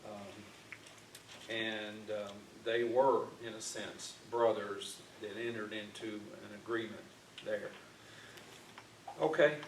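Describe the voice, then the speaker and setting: A man's voice: fairly low pitch, steady tone, slow pace, long pauses. A man teaching an informal Bible class in a church classroom, talking conversationally with frequent fillers and restarts. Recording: echoey room, distant mic, faint noise.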